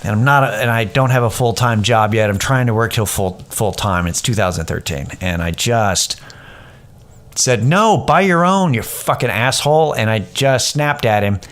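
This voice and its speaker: A man's voice: fairly low pitch, normal speed, few pauses. A man in his thirties hosting a podcast, telling a personal story in a candid, rambling, profane way. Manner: candid, rambling, profane, animated when quoting others. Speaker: podcast host. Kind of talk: casual storytelling monologue.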